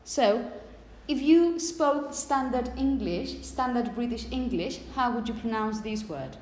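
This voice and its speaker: A woman's voice: on the high side, expressive, a little mellow. Woman teaching in an echoey classroom. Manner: explains slowly with many repetitions and "okay?" checks. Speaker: phonetics teacher. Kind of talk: classroom lecture. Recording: echoey classroom with long reverb, faint hiss.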